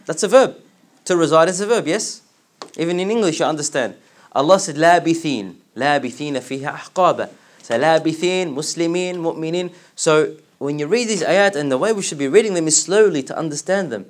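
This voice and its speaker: A man teaching a religious class, explaining word by word and asking his students questions, with quick recited verses. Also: a little high. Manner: recites verses in rapid chant.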